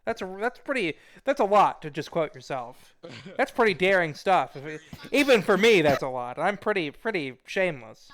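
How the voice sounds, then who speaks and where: A man's voice: high-pitched, very animated, moderate pace, fairly bright tone. Joking male talk show host. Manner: joking, playfully rude. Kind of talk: casual interview in VR.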